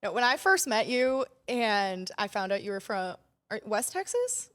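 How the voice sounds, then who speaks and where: A woman's voice: medium pitch, sing-song, moderate pace, a bit bright. A woman co-hosting a casual chat, playful and bubbly. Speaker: co-host.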